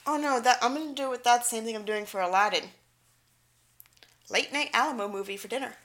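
A woman's voice: fairly high pitch, brisk, fairly bright tone. A woman co-hosting a podcast, chatting playfully, giggling and acting out quotes while recapping a show. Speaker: podcast co-host. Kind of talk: casual chat recapping a show.

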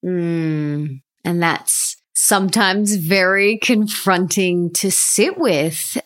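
A woman hosting a podcast interview, talking warmly and enthusiastically. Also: fairly low pitch, extremely slow. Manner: enthusiastic, gushing with gratitude. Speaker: podcast host. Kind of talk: casual interview chat.

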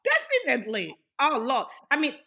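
Fired-up young woman activist in an interview, slightly high voice, punchy rhetorical questions. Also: moderate pace, creaky. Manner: emphatic, animated, rhetorical questions. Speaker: interview guest, women's rights activist. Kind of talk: passionate conversational interview. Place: Australia.

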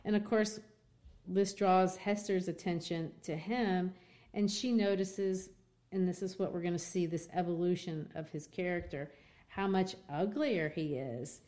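A woman's voice: lowish voice, fairly even intonation, unhurried, dark tone. A woman teacher retelling a novel to a class in a casual, chatty way with many fillers. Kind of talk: classroom literature lesson.

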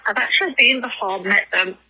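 Out of breath while walking her dog, an English woman leaves a rambling voicemail for a podcast, full of ums and likes. She's the caller, and her medium-pitched voice comes across brisk, pushed and bright with a breathy edge on a rough recording.

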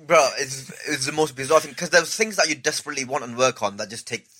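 A male comedian, chatting casually and telling a story with lively acted-out voices. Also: medium pitch, fast. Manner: animated storytelling, acts out quoted voices. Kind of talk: casual podcast chat.

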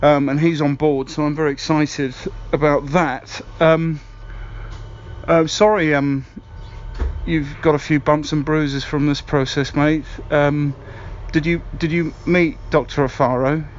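A man's voice: fairly high pitch, flat delivery, unhurried, dull audio, slight background noise, close to an everyday voice. An actor playing a chatty, fumbling man leaving a voicemail in a comedy sketch, hesitant and full of ums. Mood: awkward chummy.

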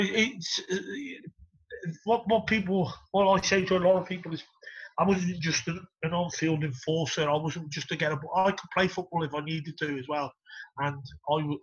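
A middle-aged former footballer, telling stories casually, swearing and laughing a lot. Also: male voice, on the high side, husky. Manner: swears a lot, laughs through stories, gets loud when excited. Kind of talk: casual storytelling interview. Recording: dull lo-fi audio.

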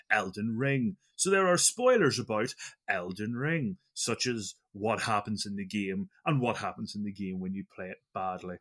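A man's voice: mid-range voice, moderate pace, a bit bright. A man hosting a gaming podcast, rambling and self-mocking as he chats. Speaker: podcast host. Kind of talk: casual chat.

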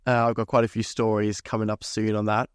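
A man's voice: on the low side, monotone, fairly quick, smooth, no room sound. Chatty young man from Zimbabwe, dry sound. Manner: chatty, swearing, rambling asides. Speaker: podcast host. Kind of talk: casual storytelling monologue.

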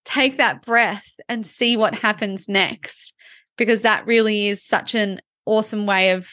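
A woman's voice: mid-range voice, measured pace, pushed and bright, dry recording, clean studio sound. A woman co-hosting a casual wellness podcast, talking through ideas reflectively with frequent "like". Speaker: podcast co-host.

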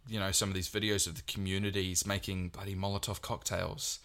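A man's voice: sits low, flat delivery, a little fast, vocal fry, a bit bright. A young man co-hosting a podcast in casual chat, talking earnestly and rambling with many restarts. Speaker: podcast co-host.

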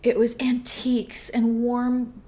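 A woman in her thirties, a podcast co-host telling a story in casual chat with a theatrical, animated delivery. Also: fairly high pitch, slow.

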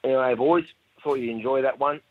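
A man's voice: mid-range voice, fairly quick. A man with an Australian accent leaving a rambling, slightly tipsy phone message to tell a joke. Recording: tinny phone line.

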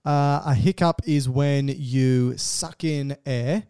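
A man's voice: mid-range voice, fairly even intonation, slow, few pauses, mellow, clear, resonant tone, no room sound, clean studio sound. A man, a doctor co-hosting a casual medical podcast, joking and laughing as he plays the student.

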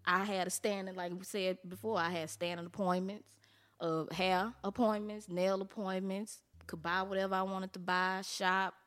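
A woman's voice: mid-range voice, flat delivery, normal speed, fairly bright tone. A woman as an interview guest, telling her own story candidly in blunt, colloquial talk with some cursing. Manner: blunt, colloquial, salty language.

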